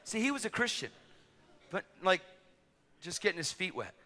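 Middle-aged male preacher, bright piercing tone, animated storyteller who shouts at peaks; reverberant hall. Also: high-pitched, moderate pace. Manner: excitable, acts out dialogue, rising to shouts. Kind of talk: sermon storytelling. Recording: long reverb of a large hall.

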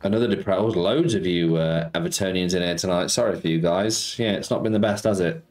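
A man's voice: low-pitched, brisk, a little mellow, soft background music. Chatty man greeting stream viewers. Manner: chatty, greets viewers by name and banters about football. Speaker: slots streamer. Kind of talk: casual live-stream chat.

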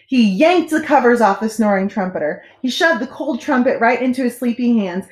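A woman teacher reading a children's storybook aloud with expressive, animated storytelling. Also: fairly high pitch, a little fast, echoey room.

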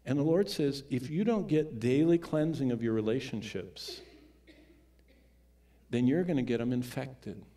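A male pastor preaching a sermon, moving between loud, emphatic peaks and quiet, low storytelling, and drawing out key words for weight. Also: measured pace.

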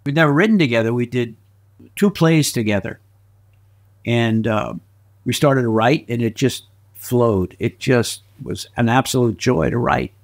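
Man, interview guest, middle pitch, animated anecdotes, frequent laughs. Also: unhurried, creaky. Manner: lively anecdotal storyteller who slips into voices and laughs often. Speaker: guest actor and filmmaker. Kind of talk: casual interview storytelling.

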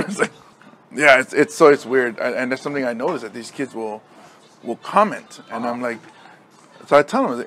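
A man's voice: mid-range voice, fairly quick, slight background noise. A middle-aged man from Hawaii co-hosting a podcast in casual chat, rambling and laughing as he tells coaching stories. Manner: rambling, laughing often, acts out loud exasperated coach lines. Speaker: podcast co-host, high school football coach.

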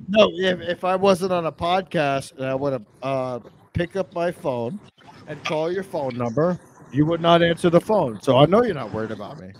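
A drunk podcast host, a man talking in a loud, pushy and repetitive way in casual chat. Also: fairly high pitch, lively intonation, moderate pace, a little hiss or hum, low-quality recording.

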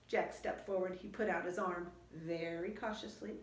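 A woman reading a children's storybook aloud in a slow, expressive storytelling manner. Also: on the low side. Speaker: children's book reader. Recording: roomy echo.

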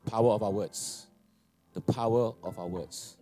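A man, preaching a sermon, animated and laughing, repeating phrases and asking for amens. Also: on the low side, unhurried. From Malaysia. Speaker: pastor. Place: church hall.

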